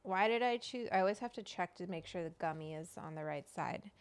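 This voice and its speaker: A woman's voice: lowish voice, brisk, clean tone, dry recording. A woman hosting a livestream, chatting casually, greeting viewers by name and swearing freely. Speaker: livestream host.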